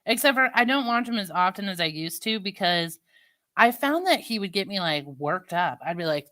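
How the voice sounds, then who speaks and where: A woman's voice: mid-range voice, animated, normal speed, pushed and bright. A woman chatting casually with her viewers, telling stories and laughing often. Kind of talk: casual chat.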